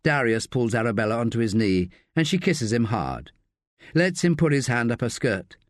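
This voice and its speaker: A man narrating an audiobook in a measured, expressive way. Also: mid-range voice, dry recording, clean studio sound. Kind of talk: scripted narration.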